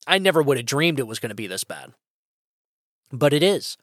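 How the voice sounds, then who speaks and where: A man's voice: mid-range voice, sing-song, a little fast, fairly bright tone, no echo, studio quality. A man hosting his own political podcast, delivering an impassioned, emphatic solo opinion monologue that rambles with frequent restarts. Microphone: podcast microphone.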